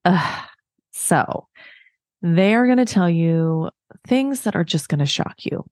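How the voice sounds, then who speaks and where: A woman's voice: fairly low pitch, animated, slow, a little mellow, dry recording, clean studio sound. A woman in her thirties hosting a podcast, giving candid, self-mocking, chatty advice to other parents. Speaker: podcast host. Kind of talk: casual solo advice talk.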